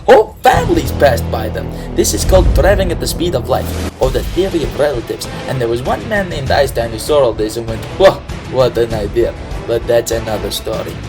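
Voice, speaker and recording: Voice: medium pitch, animated, brisk, few pauses. A storyteller giving a playful, comic reading of a folk tale, tossing in jokey asides and building to big exclamations. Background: music.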